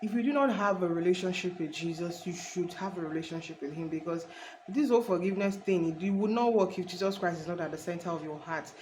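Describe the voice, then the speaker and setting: A woman's voice: lowish voice, fast, a little mellow, a little hiss or hum, rough recording. A woman giving an earnest, casual faith talk to her viewers, rambling with restarts and calling them honey. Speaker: faith vlogger.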